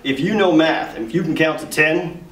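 A man's voice: a little high, moderate pace, fairly bright tone. A man who is a teacher, joking and bragging in a school interview. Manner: goofy, boastful. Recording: echoey room from far off.

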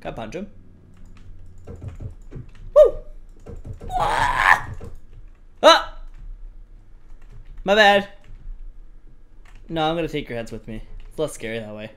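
A man's voice: on the high side, big pitch swings, unhurried, long pauses, fairly bright tone. A young man giving casual horror gameplay commentary, self-mocking and swearing, prone to startled yelps. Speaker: gaming YouTuber.

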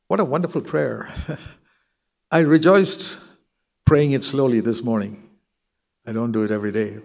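Gravelly older man preaching earnestly. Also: mid-range voice, darkish tone. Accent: Indian English. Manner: earnest, conversational preaching with prayerful asides. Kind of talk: sermon.

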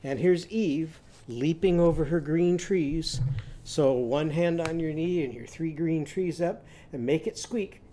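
A man with a fairly high voice leads a children's phonics lesson. He talks slowly and patiently, drawing out each syllable and cheering the listener on to say it first. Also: warm tone. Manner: slow, encouraging, sounding out syllables. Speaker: teacher.

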